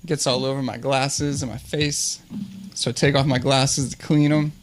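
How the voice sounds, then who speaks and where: A male comedian tells a story with a dry, deadpan delivery. His voice sits at an ordinary mid pitch and stays unhurried. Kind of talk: stand-up storytelling.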